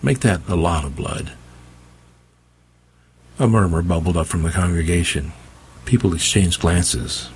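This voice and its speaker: A man's voice: deep voice, measured pace, pauses often, a little mellow, a little hiss or hum. A man narrating an audiobook in a dry, wry storytelling manner. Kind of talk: scripted narration.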